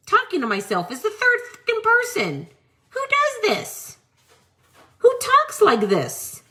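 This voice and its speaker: A woman's voice: very high-pitched, huge pitch swings, slow, sharp tone. Incredulous woman ranting on a live stream. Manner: incredulous, mocking, exasperated; swears freely. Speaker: live-selling show host.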